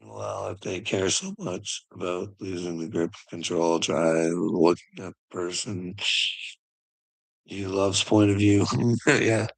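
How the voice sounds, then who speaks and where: A man's voice: deep voice, fairly even intonation, slow, creaky. A middle-aged man telling a heated, profane story in a casual vlog rant, laughing often between lines. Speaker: vlogger.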